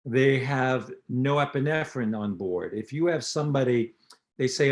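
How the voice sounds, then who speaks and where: An older man talks in a relaxed interview, mixing anecdotes with plain teaching. He is a dentist and lecturer, and he acts out the lines of the people in his stories. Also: medium pitch, normal speed. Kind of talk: storytelling interview talk.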